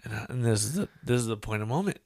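A man co-hosting a podcast, telling a rambling story full of "you know" and "right?", and putting on high voices for the people he quotes. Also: animated, very fast, darkish tone, no room sound, clean studio sound. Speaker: podcast co-host. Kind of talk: casual storytelling chat.

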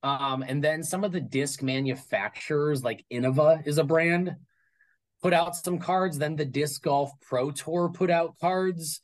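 A man's voice: a little high, unhurried, poor audio. Rambling man chatting as a guest. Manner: rambling, full of fillers and restarts. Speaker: guest card collector. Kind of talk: casual interview chat.

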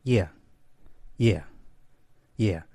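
A man giving casual online commentary in an animated, profane way, repeating lines for emphasis. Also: lowish voice, extremely slow, husky, no echo.

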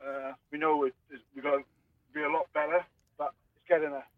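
A man's voice: on the high side, little pitch movement, fairly quick, dry recording, distant mic, narrow, tinny audio. A man, a rugby player joining by phone as a guest, chatting easily and laughing often. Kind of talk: casual phone interview.

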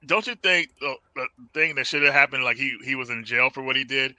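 A man's voice: medium pitch, a little fast, bright, forceful tone, dry recording. A man joining a movie review podcast as a guest, chatting casually and hedging his points with fillers. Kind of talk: casual chat.

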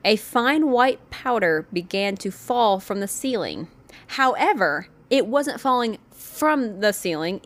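A woman hosting a podcast, telling a haunting story in a casual, rambling way with plenty of swearing and asides. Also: mid-range voice.

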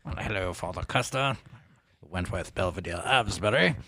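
A formal, old-fashioned gentleman speculator , as a male player voices him, speaks courteously with a gravelly, lively low voice. The sound is dry and close. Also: moderate pace, no echo, heavily acted.

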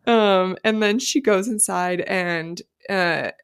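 A woman's voice: medium pitch, slow pace, clear, resonant tone. A woman co-hosting a podcast, recapping scenes in casual chat with lots of fillers and the odd curse. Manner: casual, swears, many fillers. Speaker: podcast co-host.

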